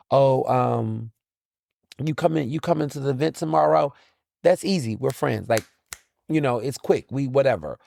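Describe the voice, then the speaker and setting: Brief: young male podcast host, lively swooping delivery, gravelly edge, dry close sound, blunt storyteller. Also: medium pitch, no room sound. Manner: animated storytelling, acts out exchanges in quoted voices; blunt and exasperated. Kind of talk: solo casual commentary.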